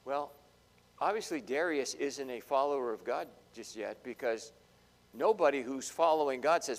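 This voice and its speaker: A male pastor preaching with dramatic swings from loud bursts to hushed asides. His voice sits fairly high. The sound rings with the long reverb of a large hall. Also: moderate pace. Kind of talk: sermon.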